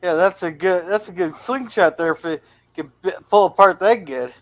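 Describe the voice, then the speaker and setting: A man's voice: high voice, normal speed, a bit bright. A man co-hosting, chiming in with short, agreeable remarks in a casual chat. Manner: brief, agreeable interjections.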